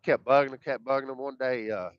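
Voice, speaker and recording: A man's voice: mid-range voice, steady tone, fast, clean tone, no room sound. A man telling a personal story in a folksy, rambling, colloquial way, acting out the dialogue. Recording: dull lo-fi dry sound.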